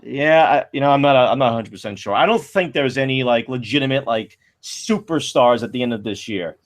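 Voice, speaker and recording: A man's voice: mid-range voice, fairly quick. A man with a mid-range voice co-hosts a casual sports podcast. He talks at length in loose, rambling analysis, with many fillers along the way. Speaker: podcast co-host.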